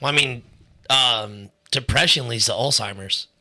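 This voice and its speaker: A man with a very bright, sharp voice rambles through personal stories on a casual podcast. He uses lots of fillers and swears freely. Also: medium pitch, moderate pace. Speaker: podcast co-host.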